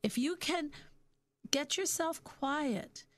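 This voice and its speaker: A middle-aged woman hosting a reflective self-help talk, musing gently and slowing down on her key points. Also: high-pitched. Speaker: podcast host.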